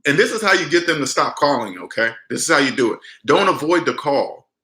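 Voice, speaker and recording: A man's voice: on the high side, very animated, a little fast, bright, forceful tone. A man giving a blunt, emphatic personal finance lecture straight to his viewers, often restarting his sentences. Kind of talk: casual lecture to the camera. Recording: roomy echo.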